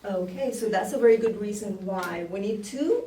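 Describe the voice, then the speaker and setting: Heard from a distance in a roomy classroom with faint noise, a woman with a warm, mid-range voice leads an English conversation class at a moderate pace. She switches between English and Spanish, explains phrases patiently, models intonation and laughs often.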